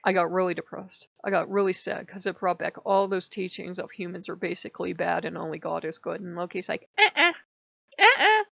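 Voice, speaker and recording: Low, gravelly woman with a stuffy nose. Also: level tone, brisk, hardly any pauses, no echo. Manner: rambling, chatty, quotes others in little voices. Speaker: pagan devotional vlogger. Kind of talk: casual spiritual vlog. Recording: dull lo-fi dry recording.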